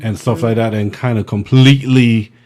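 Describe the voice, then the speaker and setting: Male producer guest, animated storyteller, filler-heavy, medium pitch. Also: normal speed. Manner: animated, acts out quotes, many restarts and fillers. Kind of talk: storytelling anecdote.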